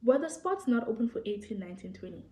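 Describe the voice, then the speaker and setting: A young South African woman with a South African accent, telling a story to the camera in an animated, excitable way and acting out what people said. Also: fairly high pitch, fast, a little hiss or hum. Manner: animated, excitable storytelling, acts out quoted people, repeats phrases. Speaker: vlogger. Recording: echoey room.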